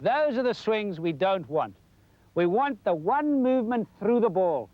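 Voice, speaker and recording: A man's voice: high voice, big pitch swings, measured pace, no echo, muffled recording. A man giving a folksy golf lesson for television, demonstrating as he talks. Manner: folksy, demonstrating while talking. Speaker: golf instructor. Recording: 1990s television broadcast.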